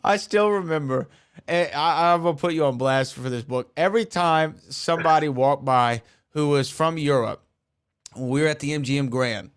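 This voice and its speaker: A man's voice: fairly high pitch, moderate pace, clean tone. A man co-hosting a podcast in casual chat, teasing his partner and laughing as he talks. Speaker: podcast co-host.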